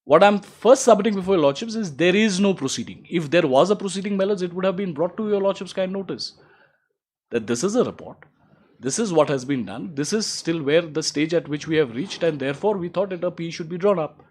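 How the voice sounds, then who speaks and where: A man's voice: lively intonation, a little fast, darkish tone, husky. A man, an advocate replying to opposing counsel in court, formal and emphatic, with "my lords" threaded through his argument. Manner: formal and emphatic, repeats "my lords", rises in pitch to stress points.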